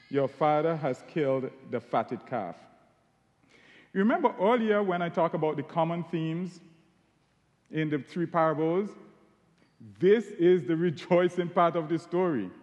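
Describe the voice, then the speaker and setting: A man delivers a sermon, slowing down and leaning hard on the words he wants to stress. His voice sits a little higher than most men's. The sound carries the long reverb of a large hall. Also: a little mellow. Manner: emphatic, stretching key words for stress. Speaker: preacher.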